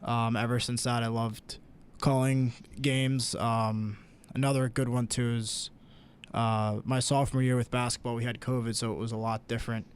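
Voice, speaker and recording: A young man, a college radio sports director, talking casually in a measured way with frequent fillers. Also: medium pitch, clean tone. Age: young adult. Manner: even, measured, hesitant fillers.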